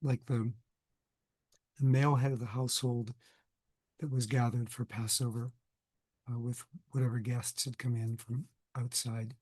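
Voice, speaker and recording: A man's voice: medium pitch, flat delivery, unhurried, long pauses, a little mellow, slightly rough, dry recording. A man with a cold giving a recorded lecture, conversational and digressive, often correcting himself mid-sentence. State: has a cold, coughing. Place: indoors, recording for video.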